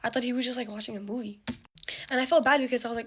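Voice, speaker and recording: A young woman tells a story in a high voice, speaking in casual chat. She is animated and laughs often, and she fills her sentences with "like." A faint hiss runs underneath. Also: racing.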